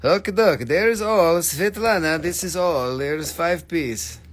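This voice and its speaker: A man putting on an Appalachian drawl as a loud, folksy male mountain craftsman who ends every phrase with "man". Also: on the high side, unhurried, pitched above the performer's own voice. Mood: joshing. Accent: Appalachian drawl, put on.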